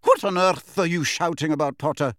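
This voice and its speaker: Guy voicing a strict older lady teacher, snappy and brisk, a little higher, lively up and down. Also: no echo, clean studio sound, full character voice. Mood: stern. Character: stern older woman professor, brisk and grim. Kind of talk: audiobook character voice.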